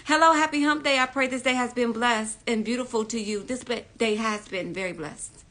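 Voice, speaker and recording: A woman hosting a casual live stream, greeting viewers by name and talking with warm, emphatic repetition. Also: a little high, moderate pace.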